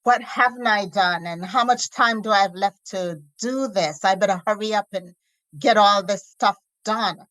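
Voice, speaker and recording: A woman hosting a podcast interview, enthusiastic and quick to laugh. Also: medium pitch, fairly bright tone, dry recording, poor audio. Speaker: podcast host.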